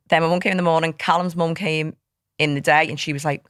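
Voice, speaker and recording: A woman's voice: low voice, fairly even intonation, brisk, no room sound, studio quality. A woman, a podcast guest recounting a hard personal story in a heartfelt, tumbling way full of quoted dialogue. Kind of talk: candid personal storytelling in an interview.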